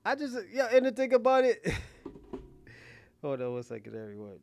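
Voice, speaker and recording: A man's voice: sits high, sing-song, moderate pace, long pauses, slight background noise. A man speaking in a blunt, profane casual rant to his viewers as an online commentator, often insisting that he is being honest and laughing between lines.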